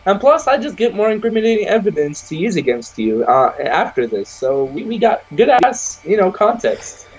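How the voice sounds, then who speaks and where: A young man co-hosting a casual podcast over a video call, loud and slangy, swearing and laughing often. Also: high-pitched, sing-song, normal speed, husky, muffled recording. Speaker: podcast co-host.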